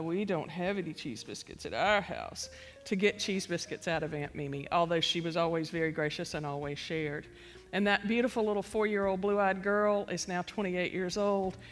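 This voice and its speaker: Low woman, chatty hostess-storyteller, echoing room with faint music. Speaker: host sharing family recipes. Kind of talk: folksy storytelling. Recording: long reverb, faint music.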